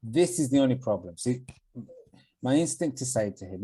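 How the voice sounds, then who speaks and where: A man's voice: mid-range voice, animated, moderate pace, warm tone, husky, low-quality recording. A young man co-hosting a podcast in casual chat, laid-back and giving blunt advice with some swearing. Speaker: podcast co-host.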